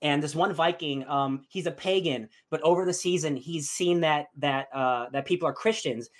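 Young man, podcast host, casual chat, slightly high voice, gushing and excitable. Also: moderate pace. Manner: excitable, gushing, lots of fillers.

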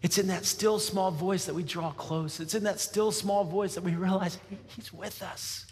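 A male pastor preaching a sermon, telling a story with lively acted-out voices and frequent laughs. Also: high-pitched, moderate pace, in a large hall, a little hiss or hum. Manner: animated storytelling, acts out voices, laughs often.

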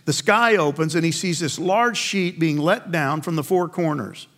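A man's voice: on the high side, normal speed, fairly bright tone. A man preaching a sermon. He keeps asking the congregation questions and answering them himself, and he acts out the voices in the story. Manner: acts out biblical voices in quotes. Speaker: pastor.

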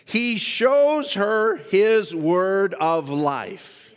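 A man preaching a fervent sermon in a church sanctuary, drawing out phrases and shouting. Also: sits high, big pitch swings, extremely slow, big-room sound.

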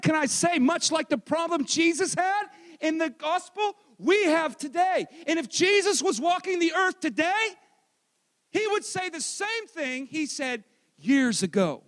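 A man preaching a sermon in a strikingly high voice that leaps up and down with animation. He preaches loudly and energetically, then drops into quiet, joking asides about himself. His delivery keeps swinging between near-shouting and soft, confiding remarks. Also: in a large hall. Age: adult, married. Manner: energetic, loud preaching with self-deprecating asides. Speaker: pastor.

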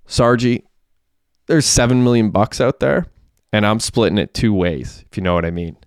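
A man voicing a cold, mocking male gunman who taunts and shouts. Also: on the low side, normal speed, clear, resonant tone, no room sound, studio quality, natural voice.

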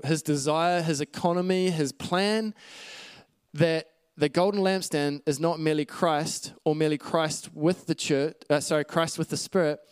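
Teaching earnestly from scripture, this preacher speaks in a slightly high, clear, resonant voice with no echo. He turns to the congregation with asides and lets out the occasional light laugh.

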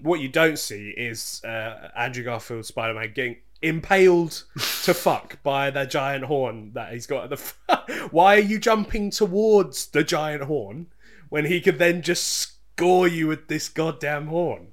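A man's voice: a little high, a little slow. A sardonic man co-hosting a casual podcast chat. His delivery is laid-back and he swears now and then. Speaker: podcast co-host.

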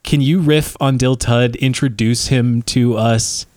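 A man hosting a podcast interview, enthusiastic and quick to laugh as he asks questions. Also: mid-range voice, fairly even intonation, a little mellow, no room sound, studio quality. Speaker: podcast host. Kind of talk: conversational interview.

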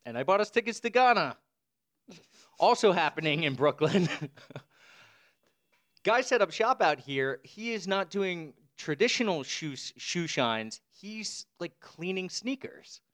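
A man's voice: high voice, sing-song, slow pace, fairly bright tone. A man chatting casually as co-host, telling a rambling story and laughing often. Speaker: podcast co-host. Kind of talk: casual chat. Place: Brooklyn.

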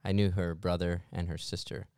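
A man's voice: low-pitched, little pitch movement, fairly quick, vocal fry, dark tone, smooth, dry recording, studio quality. A man in his forties, a worship leader co-hosting a church podcast, playful and joking. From Mesa, Arizona. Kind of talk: casual podcast conversation.

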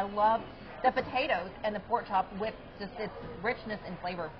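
A woman's voice: mid-range voice, normal speed, lo-fi sound, crowd noise. A woman hosting a local TV show, chatting upbeat with a restaurant owner while tasting dishes on location. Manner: upbeat, chatty, describing food as she tastes. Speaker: TV show host. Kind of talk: casual on-location interview. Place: restaurant dining room.

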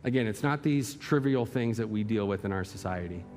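A man's voice: lowish voice, brisk, music in the background. A male pastor preaching a sermon in a church hall, emphatic and full of rhetorical questions and vivid illustration.

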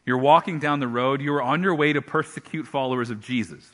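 Preacher guy telling a bible story, acts out the voices, bright forceful sound. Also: medium pitch, a little fast. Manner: animated storytelling, acting out the characters' voices. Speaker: pastor. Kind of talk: sermon.

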